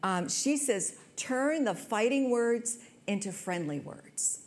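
A woman's voice: a little high, lively intonation, slow, a little mellow. Earnest woman telling a personal story. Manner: earnest, storytelling, quotes people with voice changes.

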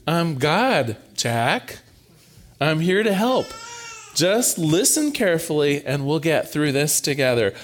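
A patient, calm divine voice, put on by a preacher telling a joke. He drops his pitch and speaks slowly and deliberately, with a soothing steadiness.

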